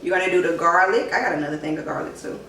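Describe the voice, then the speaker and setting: A woman's voice: fairly low pitch, very fast, a bit bright. A young woman giving a casual cooking tutorial in her home kitchen, chatty and full of fillers, calling her viewers y'all. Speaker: cooking vlogger. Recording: echoey kitchen from far off, with noise.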